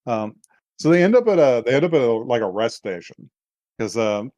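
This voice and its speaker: Casual podcast co-host, male, mid-pitched, loose rambling delivery, a bit of swearing, dry close sound. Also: animated, moderate pace, darkish tone, no room sound. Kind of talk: casual anime recap chat.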